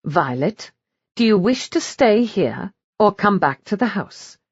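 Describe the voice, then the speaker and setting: A woman voicing a fiery, righteous noblewoman in an audiobook, speaking in a sharp, commanding way. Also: mid-range voice, very animated, unhurried, breathy edge, dry recording, highs cut off, heavily acted. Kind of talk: audiobook character reading.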